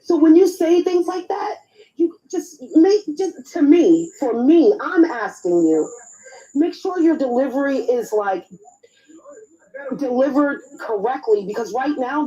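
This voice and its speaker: A woman with a high but mellow voice argues on an online podcast panel, blunt and pleading, dropping casual swears. Her audio is dull and lo-fi. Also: lively intonation, unhurried. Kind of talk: heated panel argument.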